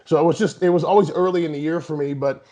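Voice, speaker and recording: A guest bodybuilder in his thirties talks casually in an interview, rambling with many restarts and plenty of "you know." His voice is on the high side, steady, fast and mellow, and the recording has a dull lo-fi sound.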